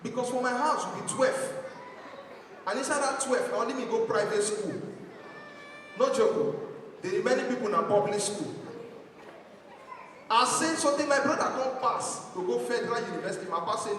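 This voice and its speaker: A man with a Nigerian accent performing a stand-up comedy set, telling animated stories and acting out his family. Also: extremely high pitch, a little fast, a little hiss or hum. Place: church hall stage. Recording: echoey hall from far off.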